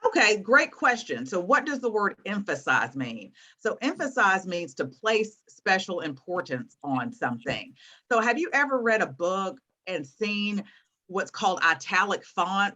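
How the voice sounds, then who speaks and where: A woman in her thirties, a guest teacher, explaining things to students in an encouraging, animated way over a video call. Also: medium pitch, measured pace. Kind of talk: online class teaching.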